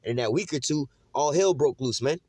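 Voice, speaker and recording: A religious teacher with a fairly high, expressive, warm voice gives an informal scripture lesson at a fairly quick pace, preachy and mocking, loaded with street slang and cursing. He keeps saying "man" and "you know what I'm saying," with no room sound.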